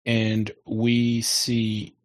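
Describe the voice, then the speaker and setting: Low-voiced man eagerly retelling an episode. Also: drawn-out words. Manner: lively retelling, often laughing. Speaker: podcast co-host. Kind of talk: casual TV episode recap.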